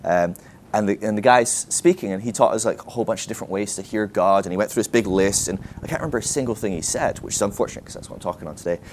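A man's voice: fairly low pitch, rapid-fire, slight background noise. A man speaking at a ministry school, telling a self-deprecating story in a casual sermon, full of "like" and restarts.

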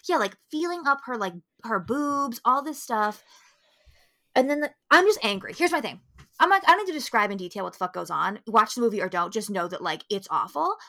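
A woman's voice: fairly high pitch, lively intonation, fairly quick, pushed and bright. A woman co-hosting a film podcast, ranting emphatically with lots of swearing. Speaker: podcast co-host. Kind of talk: casual film review chat.

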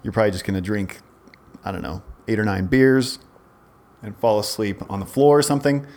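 His voice is lowish, steady and darkish, moving fairly quickly. He's a podcast co-host in his forties, meandering through a long story in casual chat and frequently cutting himself off to restart.

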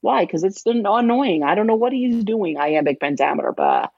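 A woman's voice: mid-range voice, expressive, normal speed, creaky, a little mellow, no room sound, dull audio. A middle-aged woman, a former English teacher, talking as a podcast guest in a blunt, emphatic, profane way, explaining like a teacher. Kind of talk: casual podcast chat.

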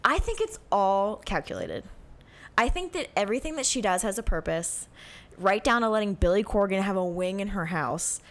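A woman in her thirties co-hosts a podcast in a loose, gushing chat style. She fills her talk with ums and likes as she tells stories. Her voice sits at an ordinary middle pitch. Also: lively intonation, moderate pace. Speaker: podcast co-host. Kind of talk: casual chat.

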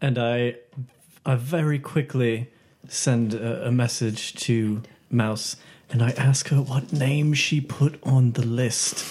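A man playing a tabletop role-playing game, speaking in a deliberate way. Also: medium pitch, fairly even intonation, darkish tone, husky. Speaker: player. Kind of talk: casual tabletop game play.

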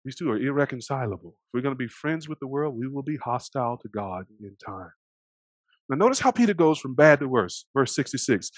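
A man preaching a sermon, animated, swinging between loud emphasis and hushed moments, sometimes acting out the voices of the people in the story. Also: medium pitch, a little fast, no room sound. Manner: animated, acts out voices of the characters.

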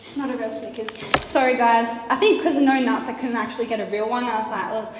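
A woman's voice: fairly high pitch, fairly even intonation, fast, noisy background. A woman giving a casual, playful youth sermon, chatting and teasing her listeners with questions. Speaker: youth preacher. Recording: echoey hall from far off.

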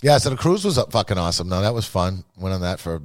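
Profane, animated storytelling man. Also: low voice, quick pace, no room sound. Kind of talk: casual podcast chat.

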